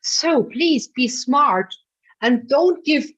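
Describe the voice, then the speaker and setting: In a dull lo-fi recording, a woman runs a singing masterclass, coaching a singer bluntly but affectionately and calling her darling. Her high-pitched, expressive voice is very slow and a bit bright, and her manner is chatty and full of fillers.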